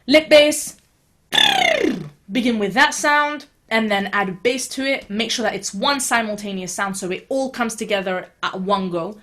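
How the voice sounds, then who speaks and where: A woman's voice: medium pitch, moderate pace, few pauses, sharp tone. A woman teaching beatboxing in an online video lesson, talking casually with fillers in a reassuring, encouraging way.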